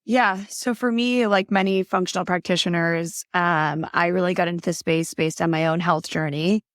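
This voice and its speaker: An earnest woman guest talking through her story in a casual interview, often tagging on a questioning "right?". Her voice sits a little low. The sound is dry and close, with no room in it. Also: steady tone, normal speed, no room sound. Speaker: guest, functional health practitioner.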